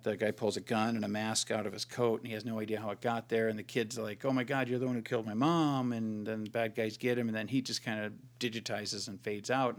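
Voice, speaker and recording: Man, podcast co-host, casual movie talk, sarcastic, swears a lot, mid-pitched voice. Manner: profane, rambling, sarcastic. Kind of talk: casual movie review chat.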